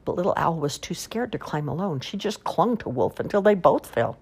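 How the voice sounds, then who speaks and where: Storybook reader, woman, low and husky, expressive. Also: a little fast. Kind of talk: reading children's stories aloud.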